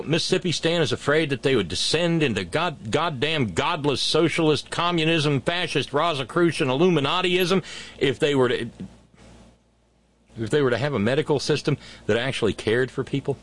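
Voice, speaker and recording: A man hosting a political talk show, ranting angrily and sarcastically with profanity and stammered restarts. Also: on the high side.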